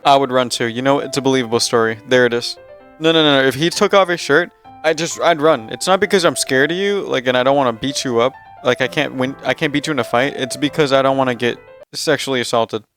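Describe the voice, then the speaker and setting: A man's voice: medium pitch, fast talker, a bit bright, faint music behind. A man reacting casually to a video, blunt and crude with joking asides.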